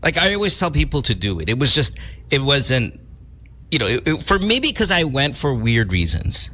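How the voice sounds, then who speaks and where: A man's voice: medium pitch, sing-song, normal speed, pushed and bright. A middle-aged man hosting a radio morning show, teasing his co-host in casual, playful banter. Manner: teasing, playful, jokes and laughs often.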